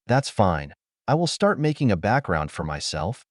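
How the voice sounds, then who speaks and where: A man's voice: on the low side, very animated, moderate pace, dry recording, studio quality. A man reading the part of a young boy ninja with a sarcastic, eager way of talking, in an audiobook. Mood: matter-of-fact.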